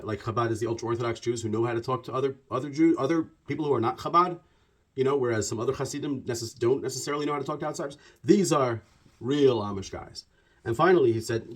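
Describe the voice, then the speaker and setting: Husky man telling a rambling story. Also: medium pitch. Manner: animated and digressive, piles up repeated words. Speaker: religious commentator. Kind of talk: conversational storytelling monologue.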